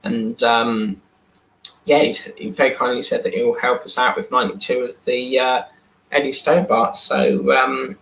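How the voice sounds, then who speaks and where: A man's voice: medium pitch, little pitch movement, moderate pace, gravelly, fairly bright tone. A man hosting a live stream in casual chat, reading and answering viewer comments aloud. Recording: echoey room.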